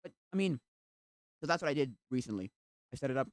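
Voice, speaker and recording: A live streamer chatting casually while browsing at the computer, rambling and filling every pause with "like". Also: mid-range voice, lively intonation, no room sound, studio quality. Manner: rambling, heavy use of "like".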